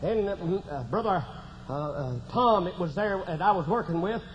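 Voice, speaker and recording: A man preaching a testimony sermon in a folksy manner, breaking into shouted exclamations. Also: sits high, expressive, moderate pace. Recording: dull lo-fi recording with faint noise.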